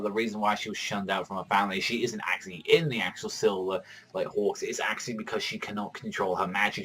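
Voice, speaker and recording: A man giving a casual, rambling spoken review, excitable and swearing constantly, often breaking into loud mock voices. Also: on the low side, husky. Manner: jumps into shouted mock voices for characters. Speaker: manga reviewer.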